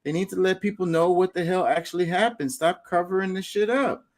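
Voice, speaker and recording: A man's voice: sits high, brisk. A man co-hosting a casual chat, speaking earnestly with many "you know" fillers. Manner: earnest, repeats "you know", reads news aloud.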